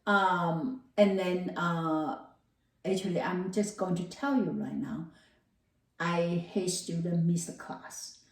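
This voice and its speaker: A woman's voice: fairly low pitch, slow pace. A woman professor giving a classroom lecture, explaining terms through everyday examples and checking whether her students follow. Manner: explains with everyday examples, repeats key terms, asks if it makes sense. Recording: roomy, distant mic.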